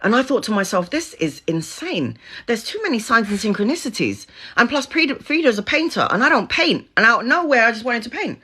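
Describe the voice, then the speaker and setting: A woman's voice: on the high side, big pitch swings, a little fast, few pauses, sharp tone, breathy edge. A middle-aged woman telling a personal story to her viewers in a candid, chatty way, laughing often and swearing freely. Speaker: spiritual content creator.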